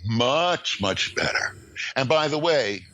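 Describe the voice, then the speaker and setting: An older man, a screenwriting teacher and podcast guest, telling stories in a lively way with plenty of fillers and restarts. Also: mid-range voice, slow, rough recording. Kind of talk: casual interview, storytelling.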